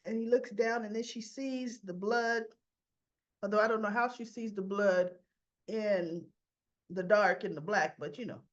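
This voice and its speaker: A woman casually recapping a soap opera episode, acting out the characters' lines, with a cough and frequent throat clearing. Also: mid-range voice, steady tone, a little slow, muffled recording. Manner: chatty, acts out characters' lines in quotes.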